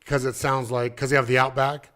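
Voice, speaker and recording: A man in a casual podcast chat, telling stories in a profane, animated way and acting out what other people said. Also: mid-range voice, a little fast, crowd noise. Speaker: podcast participant.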